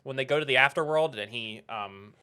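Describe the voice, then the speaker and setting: A man's voice: mid-range voice, fairly quick, pushed and bright, smooth. A young man doing casual gaming commentary on a call, goofy and rambling, laughing often. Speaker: gaming YouTuber.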